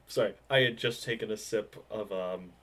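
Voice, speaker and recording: A man's voice: lowish voice, fairly bright tone. A man playing a tabletop game, chatting casually and laughing. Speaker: player.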